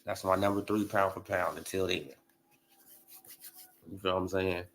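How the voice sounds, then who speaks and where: A man's voice: low voice, normal speed, slight background noise. A man ranting casually about boxing on a livestream, full of laughs and repeated fillers. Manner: laughing, animated, repetitive fillers. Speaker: boxing commentator.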